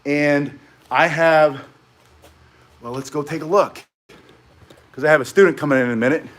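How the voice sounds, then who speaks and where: A middle-aged man teaches martial arts in a casual live tutorial, chatting with viewers and rambling off on tangents. His voice is fairly high and steady, at normal speed.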